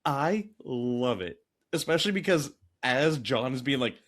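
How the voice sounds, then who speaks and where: A man co-hosting a casual movie podcast, rambling and animated, dropping into quick acted quotes. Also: medium pitch. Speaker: podcast co-host.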